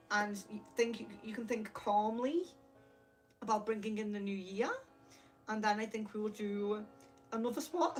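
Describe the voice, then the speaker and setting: A woman hosting a spiritual livestream from her room, giggly and excitable, laughing often, speaking to a camera set far across the room. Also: fairly high pitch. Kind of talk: casual livestream chat. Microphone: camera mic from across the room.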